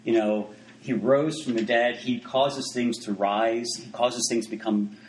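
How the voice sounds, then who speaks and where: A man gives a sermon in an easygoing, conversational way, often breaking off into asides and restarting his sentences. His voice sits at an ordinary pitch. The room around him rings with echo. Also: fairly even intonation, a little slow, a little hiss or hum. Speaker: preacher.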